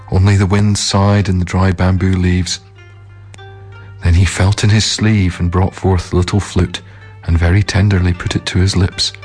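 A man narrating a folk tale in a measured, solemn reading. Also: low-pitched, darkish tone, slightly rough. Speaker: storyteller.

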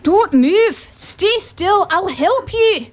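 A woman's voice: very high voice, animated, slow, voice pushed up, heavily acted. A woman voicing a humble, kind poor farmer with a put-on Scottish accent. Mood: urgent.

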